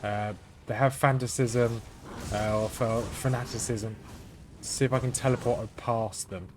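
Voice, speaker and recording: A man hosting a let's-play, talking through his game in a flat, understated way as he thinks aloud. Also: lowish voice, moderate pace, noisy background. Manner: monotone, understated delivery; thinking aloud while playing. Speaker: gaming channel host.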